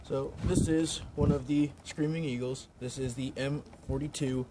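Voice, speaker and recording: A WWII reenactor vlogger stands out in snowy weather, cold, doing an informal show-and-tell video. He speaks at normal speed in a steady, mid-range voice with a dark tone, rambling and often starting his sentences over. There's slight background noise, and the recording quality is low.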